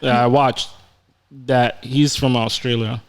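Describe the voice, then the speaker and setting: A young man co-hosting a casual podcast, giving easygoing, measured opinions on albums. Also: mid-range voice, little pitch movement, over a noisy crowd. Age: young adult. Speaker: podcast co-host. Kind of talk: casual music discussion.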